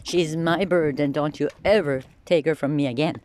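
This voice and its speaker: A woman voicing a proud, protective male pigeon who warns off the neighborhood, a bit lower and quieter than her own voice. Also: steady tone, moderate pace, a little hiss or hum, lightly acted. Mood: warning. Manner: warning, insistent.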